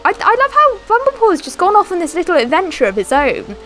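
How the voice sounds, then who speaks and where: A woman's voice: very high voice, wildly swooping pitch, brisk, fairly bright tone, faint music behind. A young woman giving casual let's-play commentary, chatting and giggling as she talks to her game characters. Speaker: gaming channel host.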